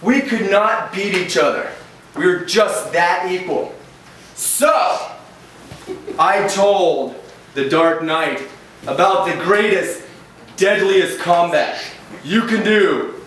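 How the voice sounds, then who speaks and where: A man's voice: high voice, slow, long pauses, fairly bright tone. A man dressed as a knight, telling a hammy, jokey adventure story to children at a party. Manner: hammy, jokey, plays up the drama. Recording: very echoey room, far from camera, faint noise.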